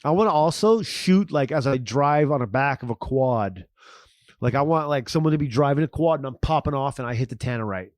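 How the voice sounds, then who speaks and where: A man's voice: medium pitch, animated, brisk, darkish tone, no room sound, studio quality. A man co-hosting a podcast who reacts with enthusiasm, says "bro" and makes gunshot noises. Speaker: podcast co-host. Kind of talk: casual chat.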